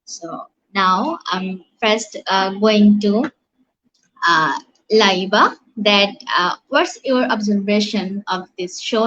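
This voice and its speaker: A woman's voice: medium pitch, fairly bright tone, lo-fi sound, slight background noise. A woman hosting an event, praising and introducing a guest with fillers. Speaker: host.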